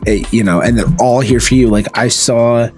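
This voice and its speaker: A man's voice: medium pitch, moderate pace, darkish tone, faint music behind. A man hosting a gaming podcast, chatting casually and often searching for words with fillers. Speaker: podcast host. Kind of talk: casual interview chat.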